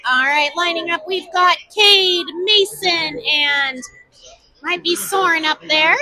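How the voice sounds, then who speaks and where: High, bright excited woman calling kids' hockey. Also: takes it slowly, poor audio. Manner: excited, fond, shouting at big plays. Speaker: amateur play-by-play commentator. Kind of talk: homemade live sports commentary. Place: indoor ice rink. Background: faint arena noise.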